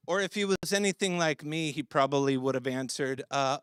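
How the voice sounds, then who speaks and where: A man performing a stand-up comedy set, telling an animated personal story on stage, full of fillers and acted-out quotes. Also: mid-range voice, normal speed, long pauses, clean tone. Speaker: researcher doing stand-up. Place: stage before a live audience.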